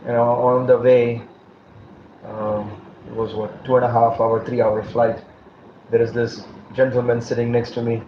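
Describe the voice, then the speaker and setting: Teaching scripture as a preacher, this man speaks at a moderate pace in a medium-pitched, level voice, telling stories, voicing the characters' dialogue and laughing occasionally. The sound is dull and roomy with a faint noise underneath.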